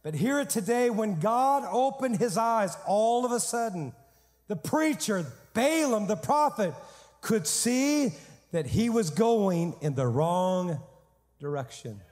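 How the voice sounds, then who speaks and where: A male pastor delivers a sermon with animated storytelling and humor. His voice is high and carries a long reverb through a large sanctuary. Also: slow.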